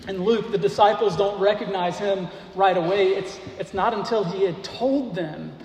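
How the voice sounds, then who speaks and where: A man preaching a sermon, speaking slowly and deliberately and asking rhetorical questions of the congregation. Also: sits high, darkish tone. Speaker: pastor. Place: church sanctuary. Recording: echoey hall, faint noise.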